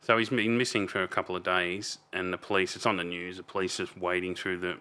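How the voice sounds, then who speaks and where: A man's voice: low voice, level tone, fast talker, sharp tone, smooth. A man in his fifties with an Australian accent, telling a story as a podcast guest in a rambling, blunt way, with many restarts and some swearing. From Melbourne, Australia. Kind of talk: casual storytelling.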